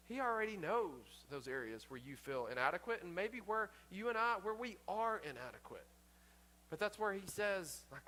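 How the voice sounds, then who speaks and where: A man's voice: sits high, expressive, moderate pace, pushed and bright. A man pastor preaching a sermon in an earnest way, often repeating himself and restarting his sentences.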